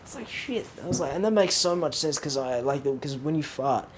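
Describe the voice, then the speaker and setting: A man's voice: on the high side, animated, brisk. A young man, co-hosting a casual podcast chat. He rambles, leans on lots of fillers and laughs often. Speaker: podcast co-host. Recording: faint background noise.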